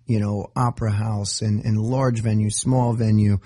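A man hosting an interview, asking measured questions with some restarts. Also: fairly low pitch, flat delivery, mellow, no echo, clean studio sound. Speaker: radio host.

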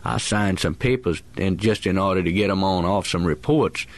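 A man's voice: sits low, normal speed. A man telling his own life story as a former prisoner, in plain-spoken, colloquial speech that is earnest and emotional. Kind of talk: personal testimony storytelling.

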